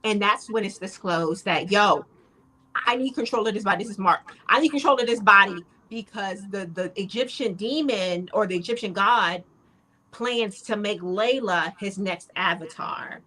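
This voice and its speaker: A woman talks through a show recap in loose, casual chat. Her voice is bright and forward. She retells scenes with energy and slips into the characters' lines as she goes. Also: mid-range voice, moderate pace, low-quality recording. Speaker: podcast co-host.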